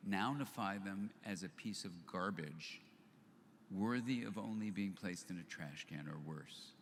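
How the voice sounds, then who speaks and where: A man's voice: low-pitched, measured pace. An older man giving a live talk to an audience, telling an anecdote and acting out both sides of the dialogue. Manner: animated storyteller who acts out both sides of a dialogue. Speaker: speaker at a live event. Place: event hall. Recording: live hall with long reverb, faint noise.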